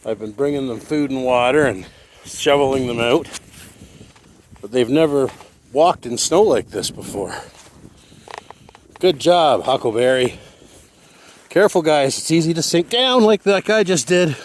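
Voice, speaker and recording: A man filming outdoors on his farm, out of breath as he walks his animals through deep snow and coaxes them along in a high, encouraging voice. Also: lively intonation, measured pace, pauses often, slight background noise. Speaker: farm owner. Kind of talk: casual vlog narration.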